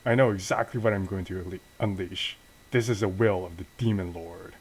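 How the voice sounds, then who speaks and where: A cruel, gloating villain, played by a man in a game story, taunting his fallen foe. The voice sits fairly low and pushes a little louder than the narration around it. It sounds like an everyday speaking voice bent toward menace. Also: fairly quick, breathy edge, rough recording.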